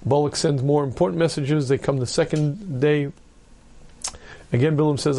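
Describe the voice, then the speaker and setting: A man giving a storytelling sermon as a rabbi, narrating vividly and clearing his throat often. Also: on the high side, steady tone, normal speed, mellow.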